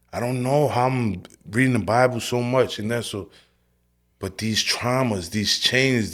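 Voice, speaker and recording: A man in his forties tells his testimony on a podcast, direct and full of street talk. His voice sits on the low side. He tells the story with energy and acts out what he once said. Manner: animated storytelling, acting out his own past lines; streetwise, direct, says "bro" and "yo". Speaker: guest sharing his testimony. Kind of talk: personal testimony in a podcast interview.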